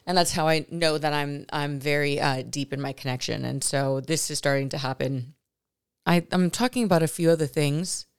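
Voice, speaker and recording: A young woman vlogger telling a personal spiritual story in a rambling, halting way, often correcting herself and drifting into near whispers. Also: deep voice, smooth.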